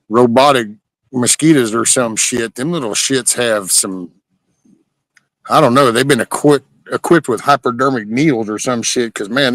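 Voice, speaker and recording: A man's voice: mid-range voice, a bit bright, no room sound. A man from Southeast Texas, chatting casually and joking with viewers while reading their comments on a livestream. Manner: laid-back, folksy and profane, joking with chat. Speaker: livestream host.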